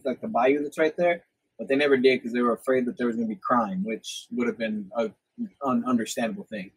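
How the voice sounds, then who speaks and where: A young man, hosting a podcast and telling stories from his youth in a casual, animated way. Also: mid-range voice, slightly rough, rough recording. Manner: animated storyteller, acts out quoted lines loudly. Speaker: podcast host. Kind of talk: casual storytelling chat.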